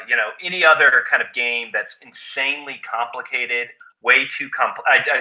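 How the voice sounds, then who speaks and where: A man's voice: medium pitch, bright, forceful tone, rough recording. A man co-hosting a board game live stream, musing in casual group chat with lots of fillers. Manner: loose, filler-heavy musing.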